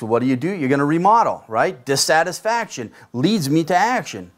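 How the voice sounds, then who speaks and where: A middle-aged man preaches in an easy, conversational way, pitched a little higher than most men. He keeps checking in with his listeners through rhetorical questions as he moves through the scripture. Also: very animated, normal speed. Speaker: pastor. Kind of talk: sermon.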